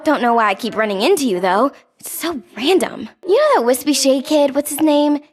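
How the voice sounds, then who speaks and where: A taunting, gleeful goddess of chaos for a video game. She speaks in a high, sarcastic drawl that leaps all over the place, mocking and flippant as she calls everyone babe. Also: animated, a little fast. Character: Eris, wild goddess of strife, taunting and gleeful. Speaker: game character.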